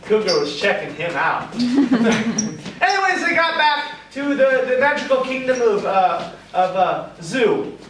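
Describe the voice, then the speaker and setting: A man's voice: very high voice, sing-song, measured pace, noisy background. A man improvising a comic story as narrator on stage, rambling and correcting himself as he goes. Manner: rambling, self-correcting, laughing at his own story. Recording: very echoey, distant live stage recording.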